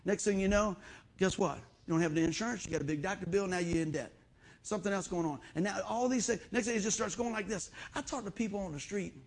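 A middle-aged man delivers a sermon, drifting between homespun stories and encouragement. His voice sits high for a man, with a gravelly, husky texture. He talks in a conversational, animated way that holds the room. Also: fast talker. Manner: folksy storytelling, animated and conversational. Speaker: pastor.

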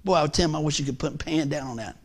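This is a preacher in his fifties with a notably high voice. He tells his story in a folksy, animated way. He shifts between near-whispers and loud, ringing declarations. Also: fast. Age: 50s. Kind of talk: sermon storytelling.

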